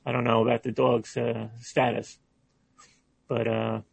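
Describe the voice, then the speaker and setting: A man calling in to a comedy talk show, telling a story in a hesitant, halting way. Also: mid-range voice, level tone, gravelly, breathy edge, no room sound. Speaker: caller. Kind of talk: comedic call-in chat.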